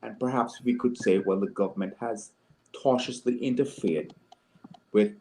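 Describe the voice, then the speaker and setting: Measured low-voiced male guest. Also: dark tone, a little hiss or hum, low-quality recording. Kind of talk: legal explanation on a talk show.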